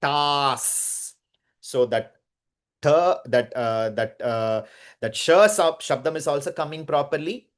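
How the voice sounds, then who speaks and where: A man leads a chanting lesson at a very unhurried pace. He draws out every syllable and says each word again and again. He often stops to quiz his students. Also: a little high. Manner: drawn-out syllables, repeats words, quizzes students. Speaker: Sanskrit chanting teacher.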